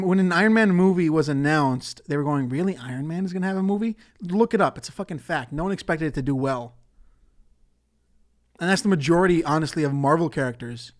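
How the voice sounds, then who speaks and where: A man hosting a solo podcast in a casual, rambling way, swearing and laughing often. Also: fairly high pitch. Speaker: podcast host.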